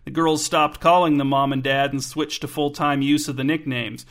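A man narrating a comic story in a deadpan, scripted way. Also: fairly high pitch, moderate pace.

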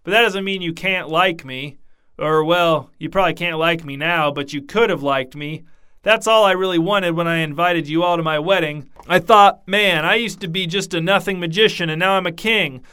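Guy reading as a sloppy drunk king, slurry and rambly, kinda bright clear voice. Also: a little high, moderate pace. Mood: rueful. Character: drunk self-pitying male king, rambling.

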